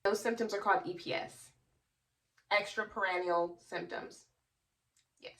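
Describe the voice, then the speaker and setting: A woman's voice: medium pitch, steady tone, moderate pace, a bit bright, recorded from a distance. A young woman who works as a psychiatric nurse, explaining in a chatty, earnest way with a lot of "you know". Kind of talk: casual educational explainer.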